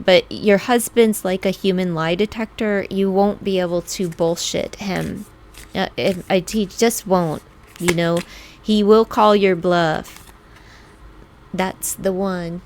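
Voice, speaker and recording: A woman's voice: mid-range voice, fairly even intonation, darkish tone. A woman giving a casual tarot reading in a chatty way, laughing often and acting out what people might say. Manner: chatty, laughs often, acts out quoted lines; slow, drawn-out talk. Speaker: tarot reader.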